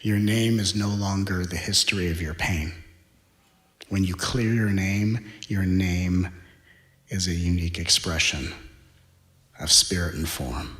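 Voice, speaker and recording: A man giving a spiritual talk, speaking in slow, deliberate phrases and dropping to a hushed whisper for emphasis. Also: sits low, reverberant. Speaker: spiritual teacher.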